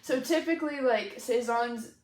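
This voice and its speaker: A woman's voice: on the high side, moderate pace, a little mellow. A woman co-hosting a homebrewing show, chatting casually and laughing often, with lots of fillers. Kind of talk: casual chat while tasting beer. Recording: echoey room.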